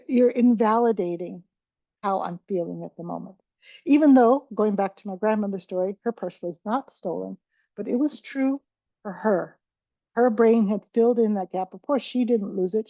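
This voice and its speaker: Woman, caregiver workshop presenter, conversational, mellow tone, dull dry recording. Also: medium pitch, normal speed, no echo. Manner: conversational, with frequent restarts and acted-out examples. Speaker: dementia care presenter.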